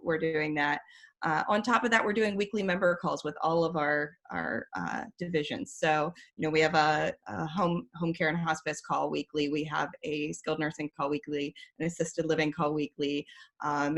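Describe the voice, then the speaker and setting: A woman's voice: low-pitched, a bit bright. A middle-aged woman answering interview questions in an earnest, detailed way, with many fillers and restarts. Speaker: regulatory director, interview guest.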